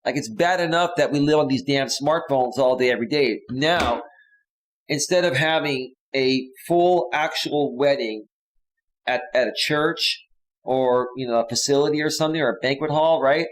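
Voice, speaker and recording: A man's voice: mid-range voice, moderate pace, rough recording. A man hosting a live coaching stream, chatting casually with viewers and reading their comments, sighing now and then. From San Francisco Bay Area. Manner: chatty, talks straight to viewers, drops to soft sighs.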